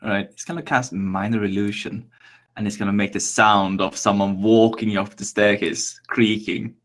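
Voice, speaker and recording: A man with a somewhat low voice plays a tabletop game. He lays out his character's actions haltingly, stumbling and restarting as he thinks. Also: fairly even intonation. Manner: halting, stammers and restarts while planning. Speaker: player.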